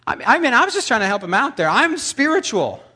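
A man's voice: extremely high pitch, very animated, fast talker, bright, forceful tone, slightly rough. A man preaching a humorous sermon, telling stories with sarcastic asides and sudden jumps in volume.

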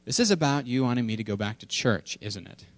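A man voicing a weary, dry-witted cartoon father who mutters low and deadpan. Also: quick pace, no echo, lightly acted.

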